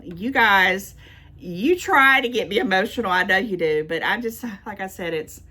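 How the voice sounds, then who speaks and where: A woman's voice: mid-range voice, expressive, normal speed, bright, forceful tone. An older woman and grandmother, vlogging as she opens gifts and chats, gushing and thankful, repeating her thanks and going close to tears. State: near tears. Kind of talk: casual chatty unboxing.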